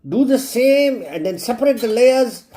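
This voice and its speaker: A man's voice: very high-pitched, expressive, normal speed, dark tone. A man giving a casual cooking demonstration in a blunt, crude and joking way. He swears constantly and repeats words for emphasis. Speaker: home cook showing a recipe.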